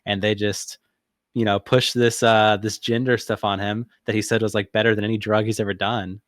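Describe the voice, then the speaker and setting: Casting: male co-host, lowish voice, dry matter-of-fact remarks, close dry sound. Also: level tone, moderate pace, no echo. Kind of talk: casual stream commentary.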